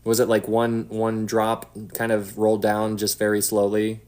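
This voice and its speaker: Animated man teaching the Bible. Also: fairly low pitch, measured pace. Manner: animated, acts out quotes, drops to a hush for emphasis. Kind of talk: casual Bible teaching to an online audience.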